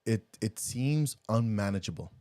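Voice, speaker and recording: A man co-hosting a podcast in casual chat, animated and rambling, laughing often and restarting his sentences. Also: on the low side, measured pace, dry recording. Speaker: podcast co-host.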